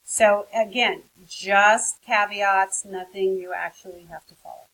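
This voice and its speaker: Woman writing teacher, husky voice, relaxed and conversational, full of fillers and candid asides. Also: medium pitch, unhurried, low-quality recording. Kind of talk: recorded lecture.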